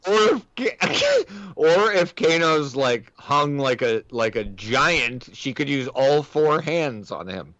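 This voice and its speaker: A man's voice: fairly high pitch, very animated, takes it slowly, fairly bright tone, dry recording, dull audio. A man co-hosting a film podcast, chatting casually with wry, crude humor. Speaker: podcast co-host. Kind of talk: casual film review chat.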